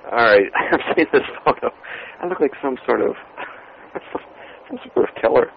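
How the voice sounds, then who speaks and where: A man's voice: mid-range voice, lively intonation, normal speed, creaky. A man phones in from out on a street, his voice dull and muffled with a faint hiss and some traffic behind. He rambles, swears and laughs through casual chat. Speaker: phone-in co-host. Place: outdoors on a street.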